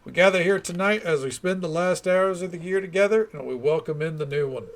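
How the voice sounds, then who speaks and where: A man's voice: sits high, brisk, a little hiss or hum, voice pushed up, natural voice. A man voicing a town leader who hosts a New Year bonfire ceremony in a put-on accent, solemn and then teasing.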